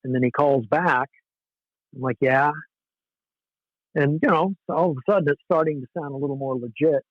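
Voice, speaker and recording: A man's voice: a little high, fairly quick, no echo. Laid-back man in his forties, lo-fi sound. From Southern California. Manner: laid-back, anecdotal, often laughs at himself. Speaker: podcast guest. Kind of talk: casual storytelling in a podcast interview. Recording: dull, dry lo-fi podcast audio.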